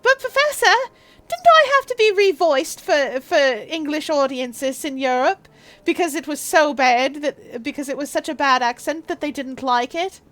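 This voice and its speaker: A woman's voice: high voice, lively intonation, moderate pace, a bit bright, dry recording, pitched above the performer's own voice. A woman putting on the voice of an eager young boy apprentice, whiny and pleading.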